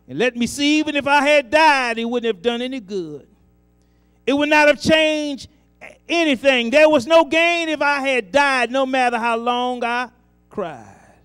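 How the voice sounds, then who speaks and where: A man, a pastor preaching a sermon with a rhythmic cadence that repeats "uh" and rises into shouting. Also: extremely high pitch, clear, resonant tone, no echo. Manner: shouts in the climax. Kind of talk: sermon building into a shouted, chanted close.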